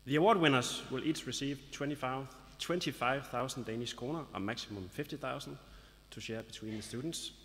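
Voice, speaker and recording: Speaking on behalf of a local business association, a man gives a formal graduation speech with gentle jokes, delivered like an announcement in a large hall with long reverb. He talks a little fast at medium pitch, with hardly any pauses and a fairly bright tone.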